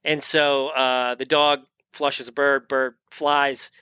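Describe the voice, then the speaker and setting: A man's voice: medium pitch, level tone, slow pace, pushed and bright, smooth, no echo, lo-fi sound. A man guest on a podcast, casually telling a rambling story full of restarts and acted-out quotes. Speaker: guest, firearms expert and veteran.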